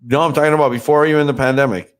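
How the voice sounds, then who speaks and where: A man's voice: mid-range voice, steady tone, very fast, crowd noise. A man hosting a casual podcast chat, teasing and swearing freely, with a stuffed-up nose. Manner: profane, joking, teasing. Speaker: podcast host and DJ.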